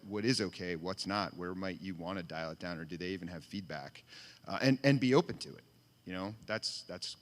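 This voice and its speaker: Deep male panelist, earnest, stumbling restarts, long hall reverb. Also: a bit bright. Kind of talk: panel discussion.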